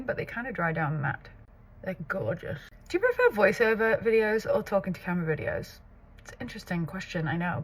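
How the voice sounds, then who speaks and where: A woman in her thirties from the north of England with a muddled British-American accent and Scouse traces, chatting casually through a makeup tutorial and often dropping to a soft near-whisper. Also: medium pitch. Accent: mixed British and American, with Scouse traces. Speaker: makeup artist and content creator. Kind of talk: get-ready-with-me makeup tutorial.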